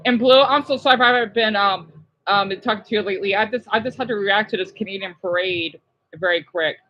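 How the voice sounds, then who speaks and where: A woman's voice: medium pitch, quick pace, highs cut off. A woman live-streaming her reaction, gushing and exclaiming, easily distracted, who swears casually and then apologizes. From United States.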